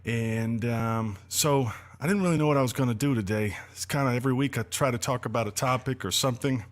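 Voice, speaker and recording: A man's voice: mid-range voice, fairly quick. Man hosting a rambling livestream chat. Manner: rambling, apologetic, loose with many fillers. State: slightly out of breath. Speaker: livestream host.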